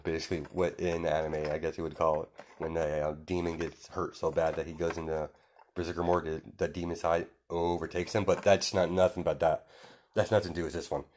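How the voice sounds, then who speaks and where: A man with a deep, low voice tells a made-up story off the top of his head. He rambles, restarts his sentences and leans on fillers as he goes. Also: slight background noise. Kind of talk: casual improvised story retelling.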